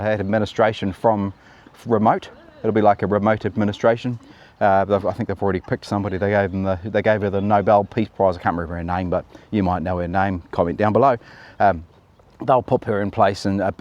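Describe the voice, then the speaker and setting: A man's voice: on the low side, darkish tone. A man hosting casual political commentary in a sardonic, chatty way and calling his viewers "team".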